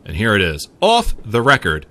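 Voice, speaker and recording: Podcast host, male, New York accent, low voice, lively and bright, rambling jokey sponsor reads. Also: normal speed. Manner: joking, rambling, laughs often.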